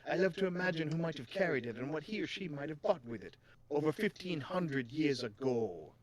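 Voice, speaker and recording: A man's voice: a little high, expressive, fairly quick, pitched above the performer's own voice, natural voice. A man voicing a chatty female coin shop owner in a video game, with a shaky put-on foreign accent.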